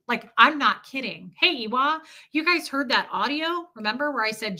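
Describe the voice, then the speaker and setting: Woman livestreamer, bright voice, candid emphatic chat, greets viewers. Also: fairly high pitch, animated, brisk, few pauses. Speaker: livestream host.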